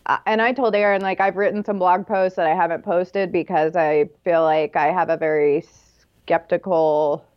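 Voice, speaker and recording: A woman's voice: lowish voice, fairly even intonation, moderate pace, clean tone, dry recording, dull audio. A woman co-hosting a podcast, telling a story in casual chat and acting out quoted lines.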